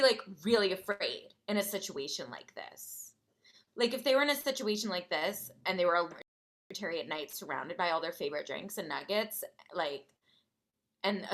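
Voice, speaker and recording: A woman with a bright, tense voice talks in a ditzy valley-girl way, with "like" in every breath. Her improvised comedy monologue swings widely in pitch. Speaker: improv performer.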